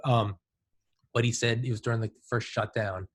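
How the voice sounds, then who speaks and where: Animated man telling stories casually. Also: mid-range voice, normal speed. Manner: animated storyteller, says "dude" and "like". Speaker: podcast host. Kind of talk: casual conversation.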